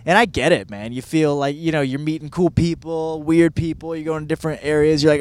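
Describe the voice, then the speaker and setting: A man's voice: on the high side, fairly even intonation, fairly quick, hardly any pauses, clear, resonant tone, dry recording. A man in his thirties from Michigan, hosting a podcast and reviewing a book in a rambling, profane, self-deprecating monologue. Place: California.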